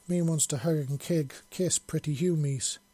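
A man's voice: on the high side, fairly even intonation, normal speed, warm tone, dry recording, pitched above the performer's own voice, natural voice. A man voicing a big, shy female super mutant who talks in broken, childlike speech. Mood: forlorn.

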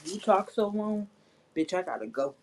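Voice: medium pitch, animated, normal speed, darkish tone, slight background noise. A co-host in a casual podcast chat, talking laid-back, dry and blunt.

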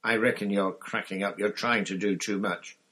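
A man's voice: lowish voice, fairly even intonation, moderate pace, sharp tone, low-quality recording. A man reading a storybook aloud and voicing a blunt, anxious teenage schoolboy wizard. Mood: worried.

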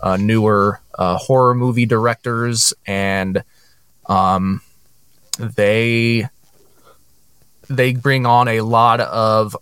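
A man's voice: mid-range voice, a bit bright, smooth, dry recording. A man co-hosting a podcast, chatting in a friendly, rambling way with many fillers. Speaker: podcast co-host. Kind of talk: casual chat.

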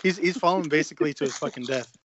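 A man co-hosting a podcast, excitedly recapping a comic story in casual chat, swearing freely and rambling. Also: a little high, fast, highs cut off, slight background noise. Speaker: podcast co-host.

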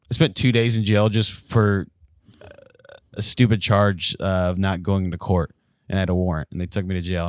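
A man in casual podcast chat, swearing freely and telling animated stories. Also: deep voice, no room sound, studio quality. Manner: profane, animated storytelling.

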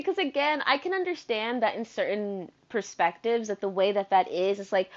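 Young woman, twenties, high-ish voice, chatty storytime monologue full of slang and swearing, muffled lo-fi recording. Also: normal speed, hardly any pauses. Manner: animated, swearing, slangy, self-interrupting. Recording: dull lo-fi sound.

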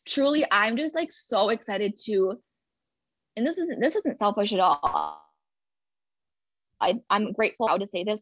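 A woman's voice: mid-range voice, no echo. A pregnant woman in her third trimester, talking openly and with emotion as a podcast guest, often laughing. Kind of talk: conversational interview.

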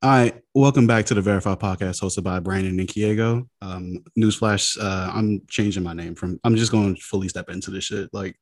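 A man co-hosts a podcast in loose, slangy casual chat. He talks quickly in a low, husky voice and keeps tossing in filler questions. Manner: laid-back, slangy, lots of filler questions. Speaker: podcast co-host.

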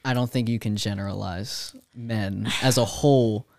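A woman in casual chat, speaking in a calm, measured way and asking questions. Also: extremely low pitch, creaky, a crowd in the background.

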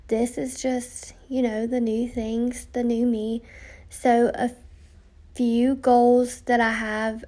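A young woman with a fairly high, mellow voice hosts a podcast, giving a casual intro monologue. She reads from notes, chats with lots of ums, and sounds tired, yawning late at night.

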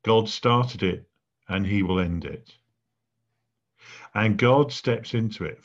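A man preaching a sermon as vicar, measured and deliberate, pausing between phrases. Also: on the low side. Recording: dull lo-fi recording.

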